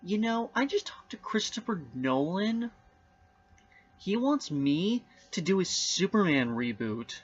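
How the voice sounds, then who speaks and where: A man doing a hurt, jealous director who accuses in overblown melodrama. The delivery is slow, with a lively, swooping pitch. The sound is dull and lo-fi. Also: slightly rough, faint music behind, exaggerated voice. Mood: accusing. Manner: melodramatic, accusing, rising to shouts. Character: jealous male film director, accusing and dramatic.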